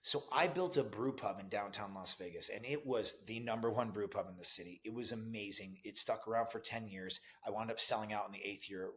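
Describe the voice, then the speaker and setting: A middle-aged man gives a motivational talk as a business coach. His delivery is earnest and emphatic but stays conversational. His voice sits at an ordinary, mid pitch for a man. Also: fairly bright tone.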